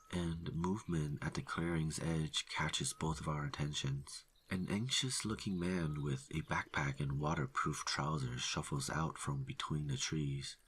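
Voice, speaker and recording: A man narrating a first-person horror story in a steady, low-key delivery. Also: unhurried, husky.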